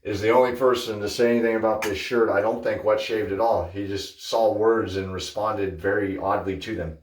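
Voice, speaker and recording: Casting note: low-pitched male vlogger, chatty and digressive, recorded from a distance in an echoey bathroom. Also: normal speed. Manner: chatty, digressive, animated when telling stories. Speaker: wet shaving channel host. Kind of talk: casual rambling chat. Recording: roomy sound from off-mic.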